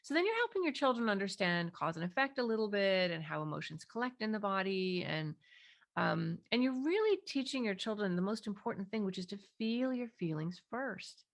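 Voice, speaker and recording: Gravelly-voiced woman explaining parenting technique. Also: medium pitch, fairly quick. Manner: animated, acts out parent and child voices. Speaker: parenting clinician and author. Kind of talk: explanatory interview talk.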